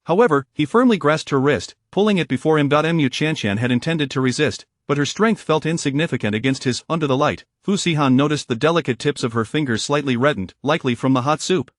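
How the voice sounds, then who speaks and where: A man's voice: a little high, fairly quick, hardly any pauses, dry recording. Man narrating a romance audiobook, dry sound.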